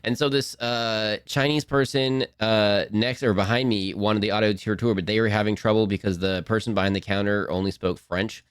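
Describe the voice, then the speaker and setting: A young man, a streamer rambling casually to his chat, self-mocking and quick to laugh. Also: fairly low pitch, steady tone, smooth, no room sound, studio quality.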